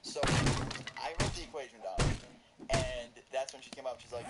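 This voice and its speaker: A man's voice: medium pitch, huge pitch swings, normal speed. A man casually telling a rambling story, swearing often and laughing at himself. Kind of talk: casual storytelling over gameplay. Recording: loud background noise.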